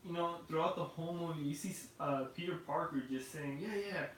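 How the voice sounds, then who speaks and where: A man chatting casually about movies, animated and laughing often, with many restarts. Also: a little high, fairly quick. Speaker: movie discussion host. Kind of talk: casual chat. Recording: echoey room, far from the mic, faint noise.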